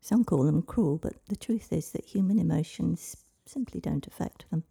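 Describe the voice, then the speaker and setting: A woman's voice: fairly low pitch, normal speed, vocal fry, dark tone, breathy edge, heavily acted. A woman voicing a wise old grandmother. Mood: storytelling.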